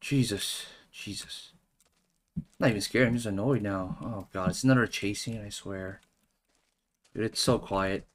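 A man's voice: on the low side, measured pace, pauses often. A man giving jumpy, exclaiming gameplay commentary as a gaming YouTuber, calling out "bro" and "dude" as he plays.

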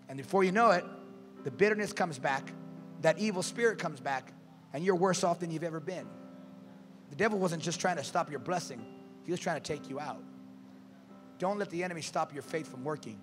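A male pastor preaching a sermon, animated and calling out to his congregation. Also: on the high side, fairly quick, long pauses. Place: church sanctuary. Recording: reverberant church hall, faint music.

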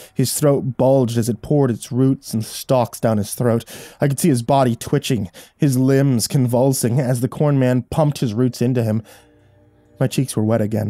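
A man narrating a horror story in first person, with measured, dramatic storytelling. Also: medium pitch, dark tone, dry recording.

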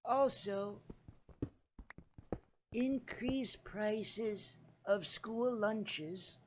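A man voicing a sweet old grandmother who slowly announces odd law proposals in a soft, breathy voice. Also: high-pitched, slight background noise, voice pushed up. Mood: prim.

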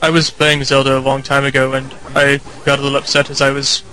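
A man talks in a perfectly flat, unvarying monotone, calm and subdued as he riffs over gameplay. His voice is bright in tone. Faint game music plays underneath. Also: mid-range voice, fast, low-quality recording. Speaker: commentator. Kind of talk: deadpan comedic commentary over gameplay.

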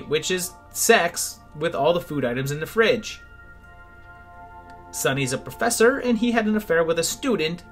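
A man's voice: fairly high pitch, fairly bright tone. A man narrating a comedic film review in a sarcastic, wry tone. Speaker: movie reviewer. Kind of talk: scripted comedic video narration.

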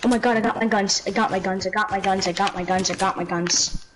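A woman's voice: medium pitch, fairly even intonation, fast talker, background noise. A woman streaming a video game live, exasperated, repeating exclamations and shrieking when her character dies. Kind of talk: live gameplay chatter.

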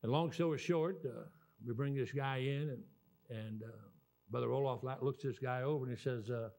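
A man in his sixties with a Southern drawl preaches from the pulpit as a guest. His delivery is folksy and animated, winding through stories with restarts and asides, at an ordinary pitch for a man. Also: normal speed, vocal fry. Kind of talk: sermon.

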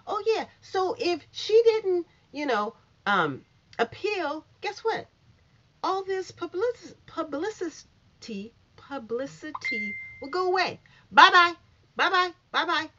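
A woman giving a casual, sassy opinion monologue as a commentary vlogger, swinging from loud outbursts to hushed asides. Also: high voice. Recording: muffled lo-fi recording.

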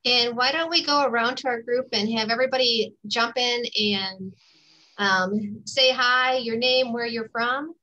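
A woman hosts an online meeting from a computer mic. Her voice is bright and slightly high. She calls on each person by name in a friendly way. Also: steady tone, unhurried, lo-fi sound. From Wisconsin. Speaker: regional director, meeting host. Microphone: computer mic on a video call.

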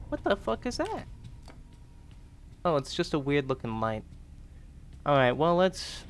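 A young gaming YouTuber plays a horror game for a let's play, chatting casually, swearing and laughing as he reads in-game notes aloud. His voice is mid-range, with a little hiss or hum in the recording.

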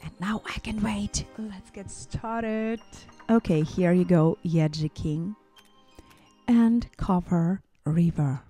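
A woman's voice: on the low side, takes it slowly, mellow, soft background music. A woman vocal coach giving casual, enthusiastic reaction commentary as she listens to a singer, exclaiming often.

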